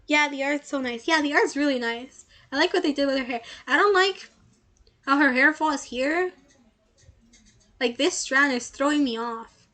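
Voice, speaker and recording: A woman's voice: high voice, normal speed, sharp tone. A young woman streamer chatting casually and bubbly while playing a game, with lots of filler words. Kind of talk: casual gameplay commentary.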